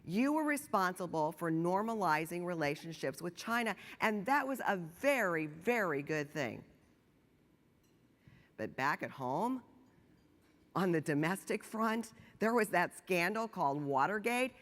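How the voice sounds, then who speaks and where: A genial saint at heaven's gate, as a woman puts him on while telling a joke on stage, jovial and drawn-out in his emphasis. The voice sits fairly low, and a long hall reverb trails behind every line. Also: big pitch swings, a bit bright.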